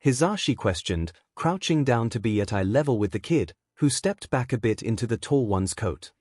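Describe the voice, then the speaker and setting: A man reading a fan-fiction story aloud as a narrator, in a measured storytelling way. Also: mid-range voice, lively intonation, a little mellow, no echo, clean studio sound.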